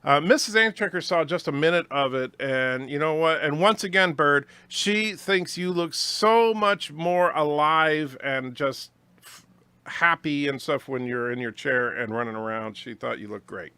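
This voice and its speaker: A man hosting a casual livestream, reading viewer comments aloud and chatting back, low on energy from a sore back, with lots of fillers. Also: measured pace, sharp tone, clear, resonant tone, no echo. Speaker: livestream host reading chat.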